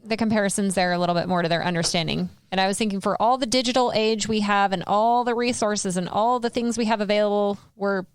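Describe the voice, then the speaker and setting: A woman's voice: mid-range voice, fairly even intonation, quick pace, hardly any pauses, clear, resonant tone, no echo. A woman hosting a podcast discussion, talking earnestly and questioningly, often restarting her sentences. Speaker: podcast host. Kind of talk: casual discussion.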